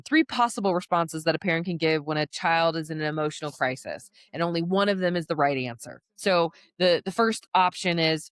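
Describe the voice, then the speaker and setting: Lively woman podcast co-host, dry sound. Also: fairly low pitch, no echo. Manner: lively storyteller who acts out quotes. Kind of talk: casual podcast conversation.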